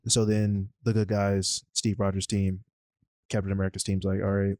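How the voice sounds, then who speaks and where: A man's voice: on the low side, monotone, normal speed, dark tone, no echo. A man co-hosting a podcast, recapping a movie plot in a laid-back way with fillers. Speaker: podcast co-host. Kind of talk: casual chat.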